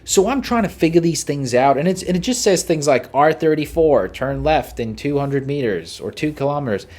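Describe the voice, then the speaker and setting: A man's voice: a little high, expressive, normal speed, a little mellow. A man, hosting a podcast and telling a story casually, acting out his own reactions and quotes. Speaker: podcast host.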